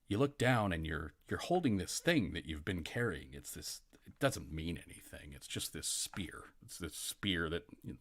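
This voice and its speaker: Low-voiced man, game master narrating a tabletop game, vivid second-person description.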